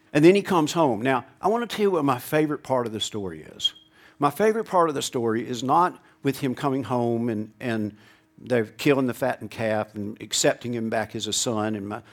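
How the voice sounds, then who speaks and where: A man preaching a sermon, calling out to the congregation and swinging from loud declarations to hushed, slow lines. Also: medium pitch. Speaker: pastor.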